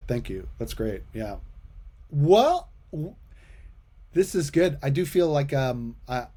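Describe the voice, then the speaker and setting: A man's voice: medium pitch, sing-song, breathy edge. Male podcast host, middle-aged; casual, stammering, thinks aloud. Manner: warm-hearted, halting, stammers and restarts. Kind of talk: podcast interview, casual chat.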